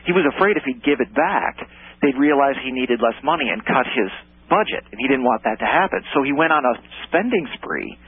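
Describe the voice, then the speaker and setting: A man appearing as a policy analyst guest on talk radio, explaining points in a measured, articulate way. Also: mid-range voice, animated, breathy edge, no echo. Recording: tinny phone-like line, dry.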